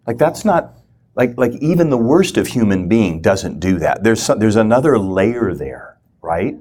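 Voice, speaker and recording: A man's voice: fairly low pitch, unhurried. A middle-aged man teaching as a guest, telling a personal story and acting out the lines he quotes. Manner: animated storyteller who acts out quoted lines.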